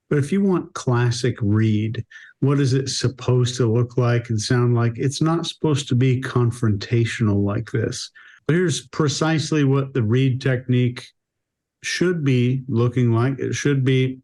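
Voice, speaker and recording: A man's voice: medium pitch, a little mellow. A man on a body language panel, talking methodically and going through his points one by one. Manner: methodical, lists points in order. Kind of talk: casual panel discussion.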